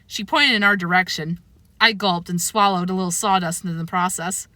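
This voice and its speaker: A woman reading a children's book aloud with expressive, animated storytelling, close to the mic. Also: on the low side, normal speed, no echo. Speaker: narrator.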